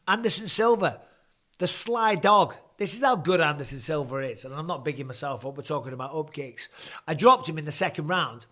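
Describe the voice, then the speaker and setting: Chatty man, fairly high voice. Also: a bit bright. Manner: chatty, swears casually, reads out viewer comments. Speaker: host and former fighter. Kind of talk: live fight watch-along chat.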